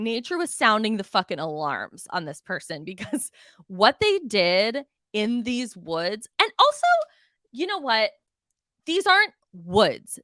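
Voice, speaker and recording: A young woman hosting a podcast, telling a story in a casual, animated and profane way, full of exasperation. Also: medium pitch, dry recording, studio quality. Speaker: podcast host.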